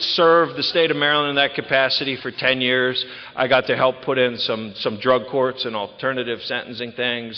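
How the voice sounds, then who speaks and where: A middle-aged man tells his recovery story to a retreat audience, lively and full of quick asides. His voice carries a long reverb from a large hall, and the recording sounds dull and lo-fi. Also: mid-range voice. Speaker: recovery speaker. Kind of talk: personal recovery talk at a retreat.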